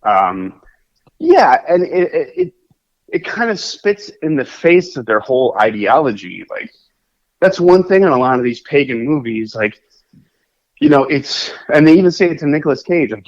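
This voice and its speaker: Animated man in a lo-fi podcast chat. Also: fairly high pitch, moderate pace. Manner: animated, rambling, many fillers and restarts. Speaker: podcast co-host. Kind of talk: casual chat about films. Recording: dull lo-fi podcast audio.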